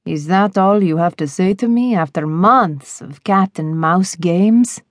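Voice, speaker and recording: A commanding, calm man with a deep, husky voice, as a woman narrator puts him on, speaking slowly and softly with controlled menace. The sound is dry and close, an audiobook romance villain. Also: no echo, lightly acted. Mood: cold.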